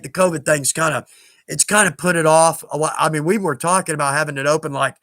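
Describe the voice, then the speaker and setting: Chatty Southern man, high bright voice. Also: fairly even intonation, fast, no room sound. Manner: rambling, self-deprecating, chatty. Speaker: live-stream host answering viewer questions. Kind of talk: casual live Q&A chat.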